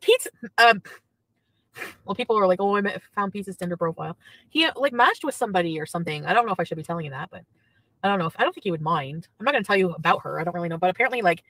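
A woman's voice: on the low side, animated, rapid-fire, a bit bright, dry recording, rough recording. A woman chatting casually on a livestream from her car, gossiping and reading out chat messages.

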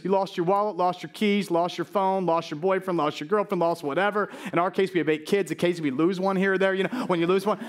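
Male pastor, middle-aged, high-pitched, energetic sermon delivery with stammered restarts. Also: fairly quick. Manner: animated, acts out quoted worries, stammering restarts.

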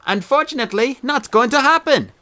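Man voicing a female AI, calm, matter-of-fact, high pitch. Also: a little fast, full character voice.

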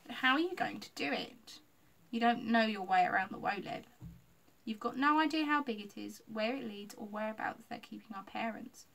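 A woman's voice: a little high, normal speed, vocal fry, fairly bright tone. A woman voicing a thoughtful, scheming young boy in a storybook reading, talking earnestly. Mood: worried.

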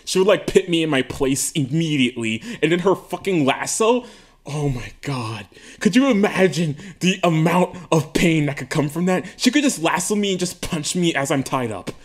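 A man with a high voice that swings widely up and down, talking to camera from an attic room. He rambles in an excitable, giggly way, and laughs and yelps often throughout his casual comedic monologue. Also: moderate pace. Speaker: video creator.

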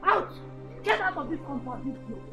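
An actress playing a vain, hot-tempered Nigerian woman just back from India, who scolds in a pompous, rapid-fire way. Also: high voice, big pitch swings, muffled recording, over music. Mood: furious scolding. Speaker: film actress. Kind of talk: Nollywood film acting.

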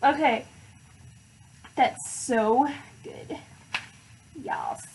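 A teenage girl vlogging an unboxing, hyper and excitable, with lots of filler words. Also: fairly high pitch, extremely slow, vocal fry, rough recording. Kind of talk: casual unboxing vlog.

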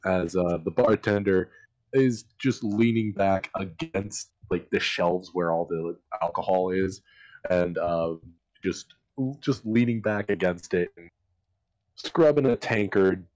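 A man's voice: low-pitched, a little mellow, poor audio. A man narrating a tabletop role-playing game as game master, hesitant and often laughing. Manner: laughing often, slow and hesitant with many ums.

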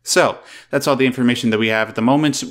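Man, show host, casual news chat, laughs easily, mid-pitched voice, call mic. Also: quick pace. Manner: chatty, laughs often, reads news aloud.

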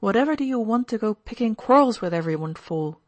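A woman narrator reads the part of an uneasy, reproachful young man pressing his friend with worried questions. She pitches him a little higher than her narration, with lively intonation at normal speed, in a close, dry recording with no echo.

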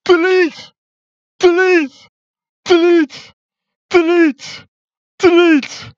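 A man doing an impression of a wild-eyed male wrestler, chanting high, loud shouts. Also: flat delivery, drawn-out words, dry recording, muffled recording, exaggerated voice. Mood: manic.

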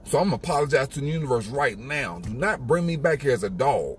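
In a casual street style, a male motivational speaker delivers an emphatic, repetitive monologue. His mid-range voice has lively intonation and moves a little fast with few pauses, over slight background noise.

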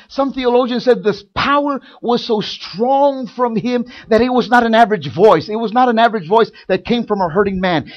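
A man preaching a sermon in a church, building from quiet, drawn-out lines to loud, fervent shouting. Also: sits high, muffled recording. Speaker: pastor. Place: church sanctuary.

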